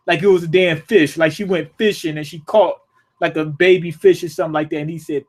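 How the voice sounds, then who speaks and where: Male reviewer, high-pitched, profane, blunt off-the-cuff episode breakdown. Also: fairly quick. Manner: profane, blunt, riffing with rhetorical questions. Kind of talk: casual rant-style recap.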